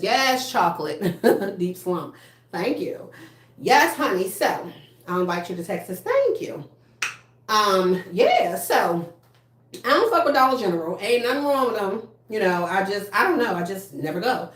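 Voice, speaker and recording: Woman, livestream host, casual chat, blunt and profane, echoey room. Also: mid-range voice. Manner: blunt, profane, chatty, reads viewer comments.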